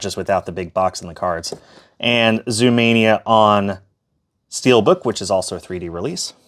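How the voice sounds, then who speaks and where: Chatty man touring his collection. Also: fairly low pitch. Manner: chatty, fillers and self-corrections. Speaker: collector showing his shelf. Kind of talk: casual collection tour vlog.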